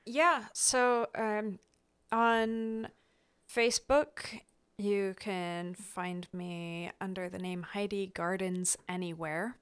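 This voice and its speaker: A woman's voice: mid-range voice, steady tone, extremely slow, fairly bright tone, smooth. A woman speaking as a guest on a gardening podcast, talking in a chatty, enthusiastic way with fillers and restarts. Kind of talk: casual podcast chat.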